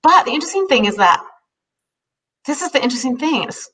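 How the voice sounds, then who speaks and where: A woman's voice: high voice, very animated, fairly bright tone. Woman telling an emotional story, lots of restarts, sounds a bit far from the mic. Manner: heartfelt, halting, many restarts. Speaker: host.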